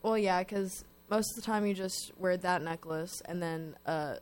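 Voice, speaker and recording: A teenage girl hosting a student radio show, chatting casually in a quick, rambling way. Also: on the low side. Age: teens. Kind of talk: casual chat.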